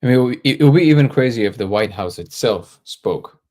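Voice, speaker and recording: A man hosting a casual livestream, answering viewer comments in a relaxed, joking way and thinking aloud as he goes. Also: medium pitch, brisk. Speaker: livestream host.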